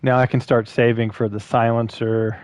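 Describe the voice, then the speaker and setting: A man's voice: mid-range voice, flat delivery, normal speed, a little mellow, no echo. A man streaming a video game live, chatting to his viewers while he plays. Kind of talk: live gameplay commentary.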